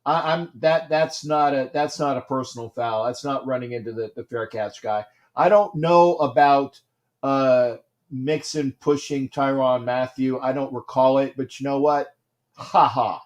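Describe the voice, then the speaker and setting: A man hosting a casual livestream, greeting viewers by name and commenting on a football game, repeating himself and getting loud at big plays. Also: medium pitch, a little slow. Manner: gets loud and excited during big plays. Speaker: livestream host.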